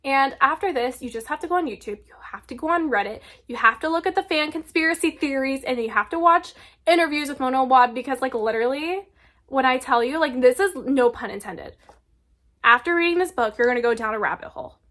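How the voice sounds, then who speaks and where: A young woman chatting casually and excitedly about books she loves, with lots of filler words. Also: high voice, brisk. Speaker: book reviewer. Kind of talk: casual book recommendation vlog.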